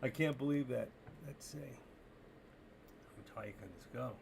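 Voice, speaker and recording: Gravelly man day-trading live on stream. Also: mid-range voice, a little slow, a little hiss or hum. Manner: talks to himself, swinging between excitement and frustration. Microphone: desk mic through streaming software.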